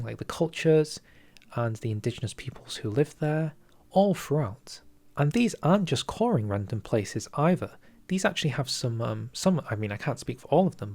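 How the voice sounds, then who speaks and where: Male gaming creator, mid pitch, excitable preview commentary with chuckles and hushed asides.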